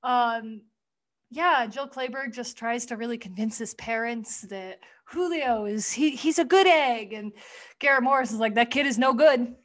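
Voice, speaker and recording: High-voiced animated woman podcaster. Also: a little slow. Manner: animated, swearing, acts out quotes. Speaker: podcast co-host. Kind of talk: casual chat recapping a comedy sketch.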